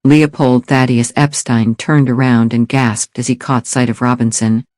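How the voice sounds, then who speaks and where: A man narrating an audiobook thriller in steady, even storytelling. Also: mid-range voice, measured pace, dry recording, clean studio sound. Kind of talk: scripted narration.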